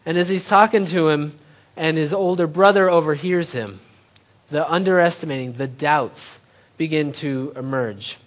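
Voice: medium pitch, moderate pace. A preacher giving a sermon, retelling a scripture story in plain everyday terms and asking the audience rhetorical questions.

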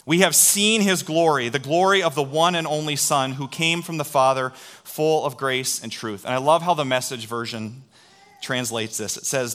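A middle-aged male pastor preaching a sermon, telling stories in an animated way and drawing in the congregation. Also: medium pitch, normal speed.

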